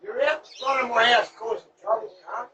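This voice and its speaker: An Australian man arguing at his front door, aggressive and swearing, shouting threats, picked up by a doorbell camera. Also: extremely high pitch, fairly quick, noisy background. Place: outdoors at the front of a house. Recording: distant doorbell camera audio with people nearby.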